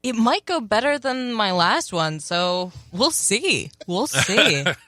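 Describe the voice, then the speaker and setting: A woman's voice: medium pitch, sing-song, slow, bright, forceful tone, no room sound. A woman comedian visiting a radio studio, playful and teasing in casual banter.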